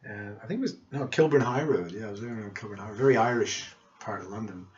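A man's voice: on the low side, fast, slight background noise. A middle-aged man from Nova Scotia, a musician, telling rambling stories from his life in a casual interview. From Cape Breton Island, Nova Scotia, Canada. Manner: rambling, warm anecdotal storytelling with restarts. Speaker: guest musician. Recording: muffled lo-fi podcast recording.

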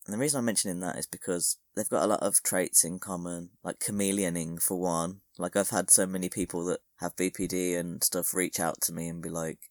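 A man's voice: low-pitched, steady tone, brisk, few pauses, no echo, clean studio sound. A young man hosting a solo podcast, rambling with crude, self-mocking humour. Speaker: podcast host.

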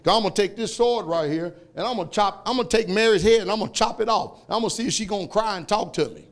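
Brief: high-pitched male preacher, animated sermon delivery, frequent shouting. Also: fast talker. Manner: loud, shouting, laughing, animated storytelling. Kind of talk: fiery sermon.

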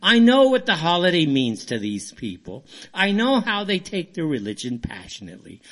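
A man's voice: on the high side, huge pitch swings, normal speed, hardly any pauses. A man hosting a call-in talk show, ranting in a heated, fired-up way. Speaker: radio show host.

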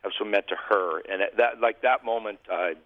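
A man's voice: fairly low pitch, brisk, no room sound. A man, a former hockey goalie, telling humorous, self-deprecating stories as a guest in a casual interview. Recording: tinny phone-like line.

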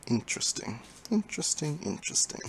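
A man voicing a cold, smug villain who rules a cyborg swarm, speaking softly with a sneer and half-whispers. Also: a little high, big pitch swings, fairly quick, noisy background, voice pushed up. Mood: menacing.

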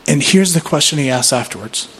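A man's voice: on the high side, lively intonation, brisk, a bit bright, a little hiss or hum. A man in his thirties giving a workshop talk in a sermon style, casual and self-deprecating, telling family stories and asking the room questions. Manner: conversational, self-deprecating storytelling with rhetorical questions. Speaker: workshop speaker.

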